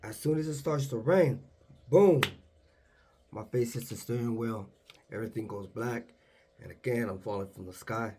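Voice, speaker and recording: A young man casually retelling a vivid dream in a hushed, low-key way, acting out the dialogue. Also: fairly even intonation, normal speed, slight background noise. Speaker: storyteller.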